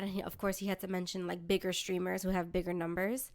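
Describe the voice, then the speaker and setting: A woman with a medium-pitched voice talks fast with few pauses while telling a story on the podcast she co-hosts. A streamer as well, she's animated, swears liberally, and acts out what people said.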